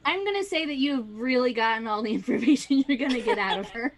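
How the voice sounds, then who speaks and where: A woman's voice: fairly high pitch, expressive, fast. A woman running a tabletop game as game master, in casual, chatty narration.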